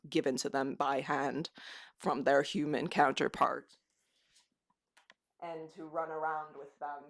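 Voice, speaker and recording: A woman putting on the voice of a hushed elderly male nature documentary narrator, slow and observational. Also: low-pitched, pitched below the performer's own voice, full character voice.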